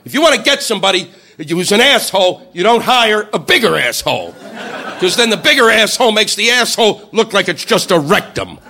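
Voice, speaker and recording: A man doing a stand-up routine, animated and profane, shouting out the voices he quotes. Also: sits high, brisk, a little hiss or hum. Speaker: stand-up comedian.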